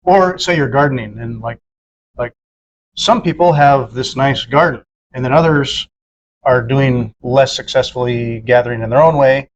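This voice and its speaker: A man's voice: medium pitch, moderate pace, lo-fi sound, slight background noise. A man in casual podcast chat, rambling with many fillers and acting out quoted dialogue in a raised voice. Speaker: podcast co-host.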